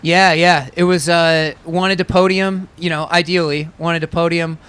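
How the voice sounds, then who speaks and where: A man in his thirties, a pro athlete talking through an interview in an easygoing way, full of "you know" and "like." His voice is bright and smooth, pitched a bit high for a man. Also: steady tone, normal speed. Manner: easygoing, frequent fillers and laughs. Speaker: pro triathlete guest. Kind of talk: casual interview.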